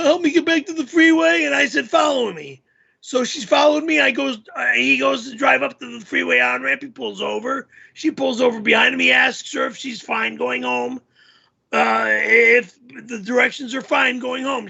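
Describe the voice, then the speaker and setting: A man voicing a loud, crude storyteller character who yells all the time, in a raspy, strained voice. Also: very high-pitched, lo-fi sound, heavily acted. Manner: yelling, crude and rambling. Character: loud, always-yelling male storyteller character.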